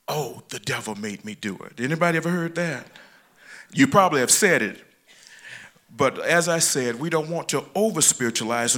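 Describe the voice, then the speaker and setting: A man delivering a church sermon in a mid-pitched voice. He talks with animated, rising and falling emphasis and draws out the key words. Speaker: lay preacher.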